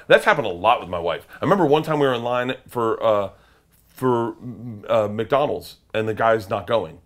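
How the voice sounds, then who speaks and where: A man, a comedian guest, telling animated profane stories and acting out the other people's voices. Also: mid-range voice, moderate pace. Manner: lively, profane, acts out voices. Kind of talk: animated storytelling.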